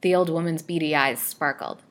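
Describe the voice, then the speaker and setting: A woman storyteller narrating an old serial novel chapter in a steady, measured reading. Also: sits low.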